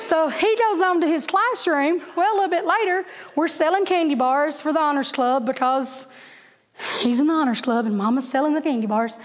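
A middle-aged woman, teaching a Bible class through chatty, animated stories with laughing asides. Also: high-pitched, fairly quick, in a large hall. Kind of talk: storytelling Bible lesson.

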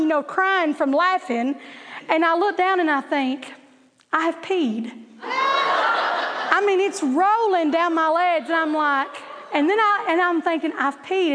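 A woman with a very high voice tells a comic personal story to a crowd, animated and laughing as she acts out every voice. Her words ring out with a long reverb from a large hall. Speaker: teacher telling a story to an audience.

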